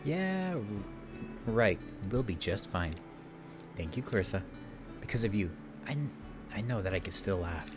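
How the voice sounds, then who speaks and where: A man's voice: fairly low pitch, natural voice. A man voicing an anxious, earnest young princess in a pleading, raised voice as he reads game dialogue.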